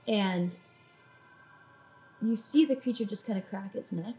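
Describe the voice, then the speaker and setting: A woman narrating a tabletop game as dungeon master, in descriptive, sometimes halting narration. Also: medium pitch, mellow, faint music behind.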